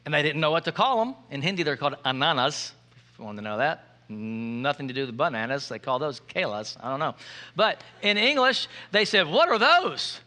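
A man's voice: a little high, animated, a little fast, bright, forceful tone. A man preaching a sermon, playful and joking, calling out to the congregation for responses. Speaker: pastor.

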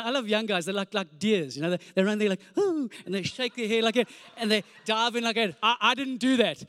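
A man in his forties, a pastor preaching with animated, comic storytelling, sound effects and repeated phrases. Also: very high voice, no echo, clean studio sound. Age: 40s. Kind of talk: storytelling sermon.

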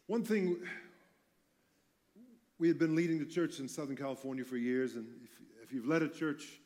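Pastor preaching with easy humor. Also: male voice, mid-range voice, darkish tone. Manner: conversational, self-deprecating humor. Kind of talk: sermon. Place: church sanctuary.

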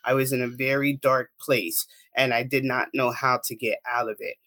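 A woman's voice: rumbling low, fairly even intonation, moderate pace, a bit bright, no echo. A middle-aged woman, a guest, earnestly telling an emotional personal story in an interview.

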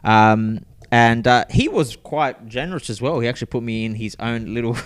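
A man's voice: mid-range voice, lively intonation, normal speed, smooth, dry recording. A man, co-hosting a podcast in casual banter, laughing often between lines. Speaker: podcast co-host.

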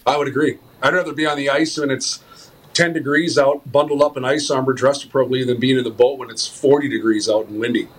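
A man with a husky, slightly rough voice chats casually about fishing. He speaks in a measured, agreeable, matter-of-fact way at an ordinary middle pitch. He often backs up what his host says. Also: fairly even intonation, rough recording. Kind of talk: casual chat.

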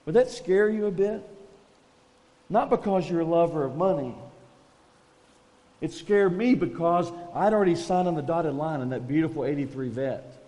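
A man's voice: on the high side, normal speed, pauses often, mellow, big-room sound. A man preaching a conversational, self-deprecating sermon as a pastor, calling his listeners folks.

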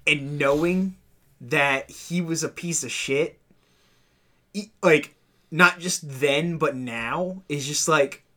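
A man co-hosting a casual podcast chat, blunt and quick to laugh. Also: a little high, pushed and bright. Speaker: podcast co-host.

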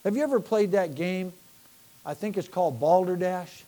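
A man's voice: high-pitched, moderate pace. A middle-aged American man preaching a sermon with rising fervor, addressing his congregation directly. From United States. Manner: impassioned, rising to near-shouting, talking directly to a congregation. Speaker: pastor.

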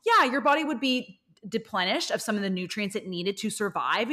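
Bright young woman fitness coach. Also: a little high, very animated, normal speed, hardly any pauses. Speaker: fitness coach and podcast co-host. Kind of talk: casual chat.

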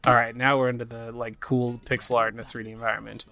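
A man's voice: mid-range voice, level tone, fast talker, creaky, hardly any pauses, pushed and bright. A man talks casually through a video game as he plays it, narrating each scene in an everyday mid-range voice. Faint music runs underneath. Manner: reads game dialogue aloud in put-on voices. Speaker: game streamer. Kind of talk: casual let's-play commentary.

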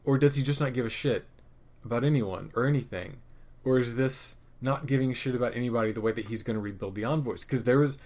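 Man, podcast host, casual episode recap, mid-pitched voice, swears a lot, rambling. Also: fast. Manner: profane, opinionated, rambling with restarts; animated, jumps between loud and muttered asides.

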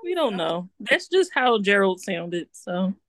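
A woman co-hosting a casual podcast, making quick joking interjections. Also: mid-range voice, very animated, fairly bright tone, no echo, clean studio sound. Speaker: podcast co-host. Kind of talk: casual chat.

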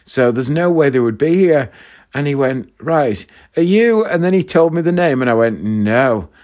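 A man's voice: medium pitch, animated, normal speed, darkish tone. A man from the northeast of England, a comedian in his thirties, telling a long anecdote in a chatty, casual way with asides to the listener. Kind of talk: casual storytelling.

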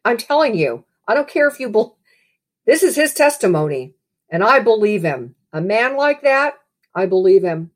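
A woman speaks earnestly as a Christian speaker sharing a testimony. Her voice sits at an ordinary middle pitch. She tells the story with steady emphasis. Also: normal speed.

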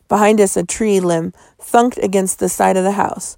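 A woman's voice: mid-range voice, fairly even intonation, normal speed, gravelly, warm tone, no room sound. A woman reading a children's novel aloud, with a tense, suspenseful delivery. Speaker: audiobook narrator. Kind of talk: storybook reading.

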